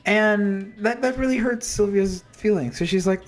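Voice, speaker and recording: A man's voice: high voice, moderate pace, faint music behind. A man casually explaining an album's story in a rambling, self-interrupting way, with mild slang. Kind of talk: casual commentary.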